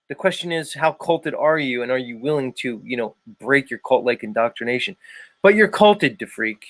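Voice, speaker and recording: A man with a South Philadelphia accent hosting a live stream, chatting casually with viewers in a playful way, swinging his pitch and volume and drawing out words. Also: animated, normal speed, a bit bright, no room sound. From United States. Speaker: live show host.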